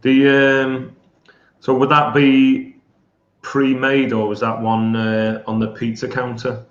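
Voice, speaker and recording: A male guest chatting casually on a live stream, relaxed and a little hesitant. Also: medium pitch, slow. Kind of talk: casual chat. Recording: echoey, dull remote audio.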